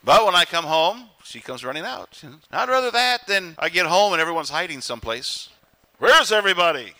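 A middle-aged man preaching a sermon as pastor, emphatic, who breaks into quick acted-out voices. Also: a little high, big pitch swings, pushed and bright.

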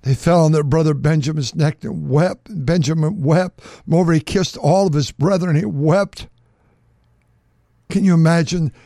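A man's voice: a little high, normal speed, gravelly, warm tone, no echo, clean studio sound. A male preacher giving a fervent sermon, reading scripture aloud and repeating words for emphasis.

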